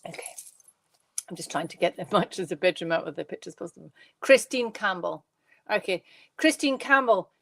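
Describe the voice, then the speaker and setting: A Scottish woman giving live psychic readings from her bedroom at home, talking fast and chatty, with rambling restarts. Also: lowish voice, expressive, creaky, no echo.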